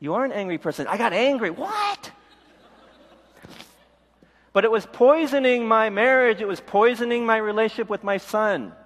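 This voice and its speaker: High-voiced man preaching in a hall. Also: a little fast, hardly any pauses, fairly bright tone. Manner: candid storytelling, acts out quoted voices. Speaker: pastor. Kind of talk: sermon with personal testimony. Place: church.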